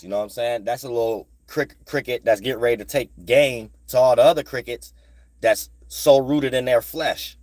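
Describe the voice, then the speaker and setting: A spiritual vlogger with a fairly low voice gives a rambling, profane, streetwise monologue, recorded with no echo. He keeps asking "you know what I'm saying" to check you follow, and repeats phrases in sing-song bursts.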